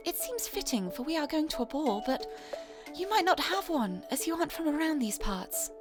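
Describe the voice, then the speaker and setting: A British woman voicing a reserved, gentle queen from a fairy-tale game, speaking softly and unhurriedly. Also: high voice, sing-song, normal speed, music in the background, voice pushed up.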